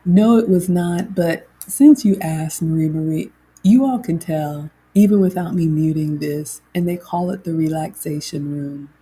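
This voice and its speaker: A woman's voice: low voice, unhurried, mellow, husky. A middle-aged woman hosts a chatty livestream and reads viewer comments aloud. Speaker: host. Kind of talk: casual livestream chat.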